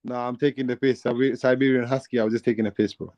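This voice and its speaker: A man's voice: mid-range voice, little pitch movement, fast talker, a little mellow. A man jumping into a heated online debate with teasing, mocking remarks. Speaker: debate participant. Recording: dull lo-fi audio.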